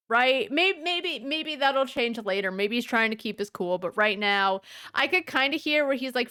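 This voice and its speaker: Slow-talking, chatty young woman streamer. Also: mid-range voice, fairly bright tone, clear, resonant tone. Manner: chatty, swearing, sarcastic asides. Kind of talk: casual let's-play commentary.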